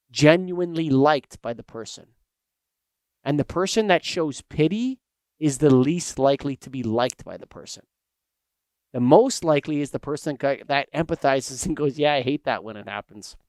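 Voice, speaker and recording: A man co-hosting a podcast in casual chat, telling anecdotes in an animated way. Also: a little high, clear, resonant tone, no echo. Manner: animated storyteller, acts out anecdotes. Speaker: podcast co-host.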